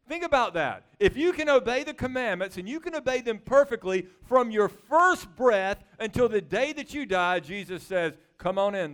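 A man preaching a sermon in a conversational, animated way, asking his listeners rhetorical questions. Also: extremely high pitch.

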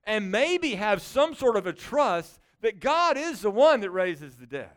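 Male pastor, high clear voice, chatty animated sermon delivery with dry asides. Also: unhurried. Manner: conversational, animated, with sarcastic asides.

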